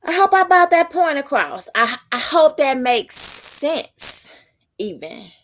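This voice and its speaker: A woman giving an informal religious teaching, halting and repeating words as she thinks aloud. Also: sits high, sing-song. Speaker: prophetess.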